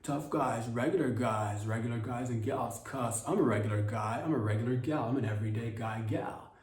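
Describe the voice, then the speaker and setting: A man's voice: medium pitch, a little fast, darkish tone, reverberant, natural voice. Man doing a stiff politician cussing clumsily. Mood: sputtering. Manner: clumsy nonstop swearing, blustering. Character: stiff male politician forcing awkward cusses.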